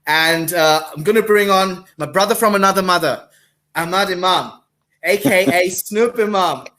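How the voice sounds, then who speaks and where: This Singapore-based man speaks at a normal speed in a high, bright, pushed voice. He is hosting a live-streamed panel by video call, greeting guests effusively with repeated words and thanks.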